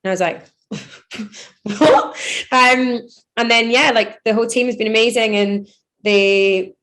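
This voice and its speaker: A woman's voice: mid-range voice, steady tone, a little fast, a bit bright. A woman DJ and producer in her thirties, chatting loosely in an interview, rambling and laughing often. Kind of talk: casual interview chat.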